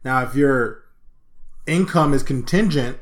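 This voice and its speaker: A man's voice: medium pitch, measured pace. Laid-back man riffing on a podcast. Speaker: podcast co-host. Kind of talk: casual chat.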